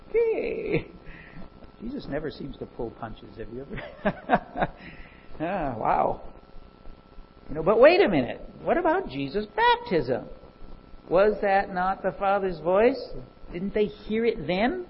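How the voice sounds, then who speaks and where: A man preaching a sermon, animated and full of rhetorical questions. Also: sits high, measured pace, long pauses, highs cut off, slight background noise.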